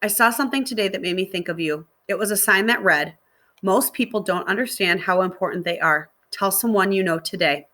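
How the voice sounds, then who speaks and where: A woman's voice: mid-range voice, brisk, pushed and bright, lightly acted. A woman reading the part of a kind, encouraging male middle school teacher in a storybook.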